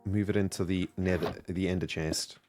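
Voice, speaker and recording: A man's voice: deep voice, fairly even intonation, normal speed, music in the background. A man chatting casually while streaming a video game, upbeat and thanking his viewers as he plays. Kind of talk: casual live-stream commentary.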